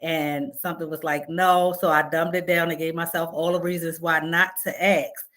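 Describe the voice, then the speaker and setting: A pastor's wife giving a heartfelt testimony on a video call. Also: female voice, deep voice, little pitch movement, normal speed, a bit bright. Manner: heartfelt, storytelling.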